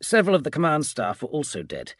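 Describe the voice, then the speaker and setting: A man giving calm, measured bedtime audiobook narration of a science fiction story. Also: on the high side, no room sound.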